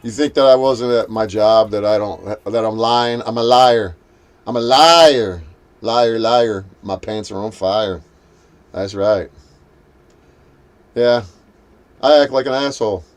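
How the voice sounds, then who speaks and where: A man's voice: lowish voice, slow, long pauses, smooth. Profane, mocking male livestream host. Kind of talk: live stream chat rant.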